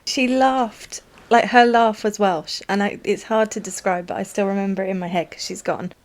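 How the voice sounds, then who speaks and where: A woman's voice: mid-range voice, fairly even intonation, normal speed. A woman from Britain co-hosting a podcast, bantering and teasing in casual chat. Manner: playful, banters and teases. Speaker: podcast co-host.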